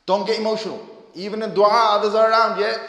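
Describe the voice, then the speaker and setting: High-voiced preacher in an echoing hall. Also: male voice, flat delivery, fast talker. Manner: humorous, acts out self-mocking asides, then turns quiet and earnest. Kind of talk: sermon. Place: mosque hall. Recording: echoey mosque hall.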